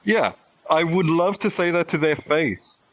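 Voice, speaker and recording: Speaking a little slowly in a fairly high, somewhat bright voice, a male podcast guest shares a personal story candidly and casually. His storytelling rambles, with him voicing both sides of each exchange and laughing occasionally. The audio is poor and dry.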